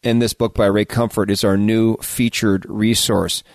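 A man's voice: lowish voice, little pitch movement, gravelly, dry recording. Dry-voiced male radio host. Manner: measured, reads out book passages and order details. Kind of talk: radio interview.

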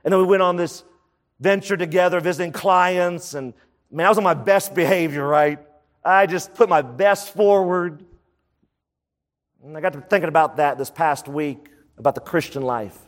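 Animated preacher man in a reverberant hall. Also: a little high, normal speed. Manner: animated preaching with rhetorical questions. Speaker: pastor. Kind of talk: sermon.

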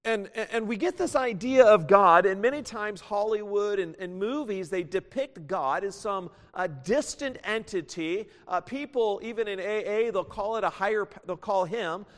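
A man with a high voice preaches a sermon, working through scripture and breaking into the voices of the people he quotes. His words ring out with a long hall reverb behind them. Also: normal speed, hardly any pauses. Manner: animated, acts out quoted voices.

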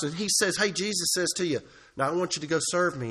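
Pastor, male, bright high voice, earnest sermon delivery with emphatic swells. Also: fast talker. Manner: earnest preaching, rising to emphatic peaks. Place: church.

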